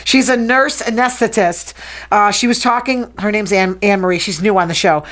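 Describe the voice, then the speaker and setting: A woman hosting a casual gossip show, talking fast, chatty and opinionated. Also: mid-range voice, steady tone, fairly bright tone. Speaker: host.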